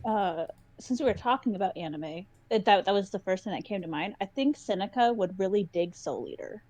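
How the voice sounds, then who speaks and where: A woman's voice: mid-range voice, expressive, brisk, a little mellow, no echo. A woman chatting casually as a player in a tabletop game. She gives her frank opinions, often with a hesitant start, and her voice is recorded dry and close.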